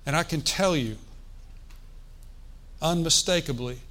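A man's voice: on the high side, unhurried, pushed and bright. A man preaching a sermon in a conversational, folksy way, with joking asides and calls for the congregation to answer. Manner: asks the congregation for responses.

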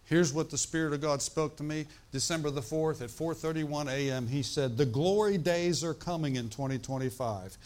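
Man preaching, conversational and lively. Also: fairly high pitch, normal speed, few pauses. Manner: conversational preaching with frequent "right?" and "amen?" asides. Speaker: pastor. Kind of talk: sermon.

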